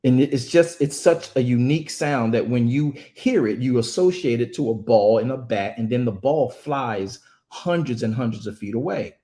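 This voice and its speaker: A man's voice: mid-range voice, expressive, moderate pace, few pauses, dark tone. Emphatic man delivering impassioned commentary. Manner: emphatic, repetitive, stammers on restarts. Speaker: ministry speaker.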